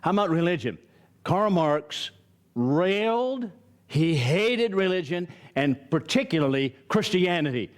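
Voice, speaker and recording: A man's voice: fairly high pitch, big pitch swings, measured pace. An older man from Arizona teaching a Bible study, emphatic and firing rhetorical questions at his listeners.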